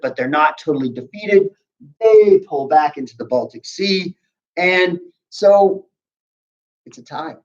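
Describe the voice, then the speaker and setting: A man teaching a history class in a casual, conversational way, with asides to his students. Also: medium pitch. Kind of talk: classroom lecture. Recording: dull lo-fi recording.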